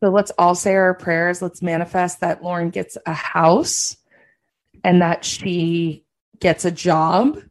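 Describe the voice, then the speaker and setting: A woman's voice: lowish voice, steady tone, slow pace. A woman co-hosting a podcast in casual chat, earnest and explaining things at length. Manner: earnest, explains at length, rises when worked up. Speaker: podcast co-host.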